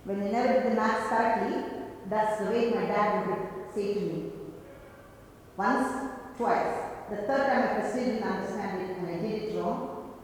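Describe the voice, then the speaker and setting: A woman's voice: mid-range voice, a little slow, a little hiss or hum. A woman preaching a sermon, full of amens and glory to God. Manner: fervent, repeats amen and glory to God. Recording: echoey hall from far off.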